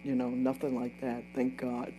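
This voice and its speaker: A woman's voice: a bass voice, completely flat delivery, moderate pace, warm tone, slight background noise. An older woman hosting a casual livestream, telling a story in a chatty way, repeating herself and breaking off to thank and answer viewers. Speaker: livestream host.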